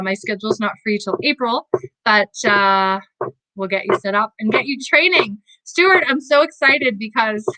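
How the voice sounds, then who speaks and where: Bright, effusive woman livestreaming. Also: medium pitch, no room sound, poor audio. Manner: effusive, gushing, laughs often. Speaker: livestream host and spiritual coach. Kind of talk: casual live stream chat.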